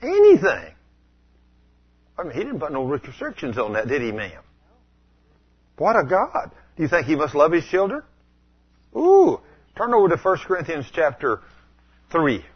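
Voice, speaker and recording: A man preaching a storytelling sermon in a folksy way, asking the congregation questions and rising to loud exclamations. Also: a little high, sing-song, moderate pace, pauses often, husky, muffled recording.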